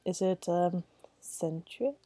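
Tired lady gaming, slow mellow talk, giggly and rambly, dry mic. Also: lowish voice, dry recording. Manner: giggly, rambling, talks to herself. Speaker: let's play gamer. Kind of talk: casual gameplay commentary.

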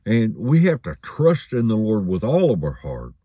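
A man's voice: fairly low pitch, huge pitch swings, normal speed, mellow, slightly rough, no echo, clean studio sound. A man preaching a sermon in a folksy storytelling manner, chuckling along.

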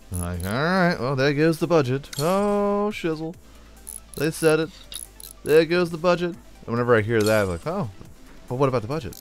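Rambling, joking man with a low voice. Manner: rambling, jokey storytelling with playful sound effects. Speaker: let's play host. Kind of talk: casual gameplay chat. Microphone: desk microphone.

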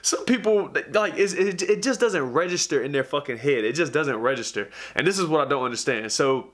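Fired-up man ranting to camera, slightly high voice. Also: brisk. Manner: profane, heated storytelling peppered with "bruh"; acts out others' lines in a higher, lively voice. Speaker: fitness vlogger. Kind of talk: casual rant to camera.

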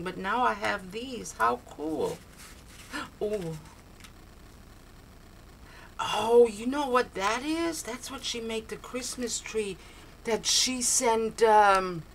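An older woman chats unhurriedly at a middle pitch while unboxing a craft swap. She gushes and exclaims over every little piece. A faint hum of room noise sits behind her. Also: a bit bright, poor audio. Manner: gushing, exclaiming over small craft items. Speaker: crafter opening a swap package. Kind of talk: casual unboxing chat. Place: cold home, heater on.

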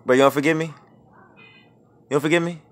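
A man's voice: a little high, fairly even intonation, fast, slight background noise. A man at home filming on his phone, pleading in a mock-sincere, slangy way as he apologizes to his pet. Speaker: vlogger talking to his pet.

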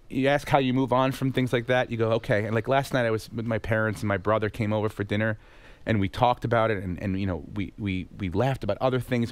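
A man, a comedian guest on a radio show, speaking haltingly and earnestly, repeating words. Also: fairly low pitch, dry recording. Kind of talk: radio interview.

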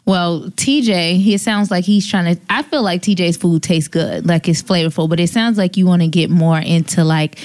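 Twenty-something woman, lowish casual voice. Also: moderate pace, few pauses, darkish tone. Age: 20s. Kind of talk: casual chat.

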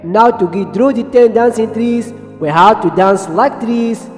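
A man retelling a cartoon episode in slow, simple phrases, inviting the listener to join in. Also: high-pitched, a little mellow. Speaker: storyteller. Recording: echoey room with faint music.

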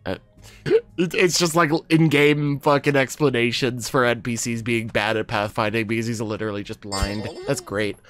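Bright-voiced playful gamer man. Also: mid-range voice, steady tone, moderate pace, faint music behind. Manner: playful, swears, laughs at the game. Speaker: gaming video host. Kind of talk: casual let's-play commentary.

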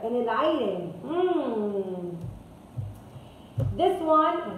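A high-voiced woman leads a children's English class, drawing words out slowly and repeating them in a lilting, sing-song way. Her voice rings in a very echoey room, and a faint hiss sits underneath. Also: lively intonation, far from the mic. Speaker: English teacher.

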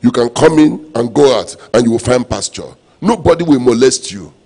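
A man preaching a sermon, his voice sitting at an ordinary middle pitch. He repeats his refrains and leans on call-and-response. Quiet, low asides give way to sudden loud, emphatic bursts. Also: lively intonation, moderate pace, slightly rough. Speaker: pastor.

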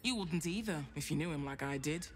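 A woman's voice: sits low, animated, extremely slow, heavily acted. An actress voicing a brusque woman tailor who runs her own shop, curses casually and bristles at prying, over faint game music. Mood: bitter. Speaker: shopkeeper.

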